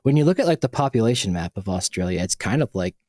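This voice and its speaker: A man's voice: fairly low pitch, big pitch swings, quick pace, darkish tone, no echo. A man hosting a podcast, chatting casually and rambling with lots of fillers and restarts. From United States. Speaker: podcast host. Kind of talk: casual chat.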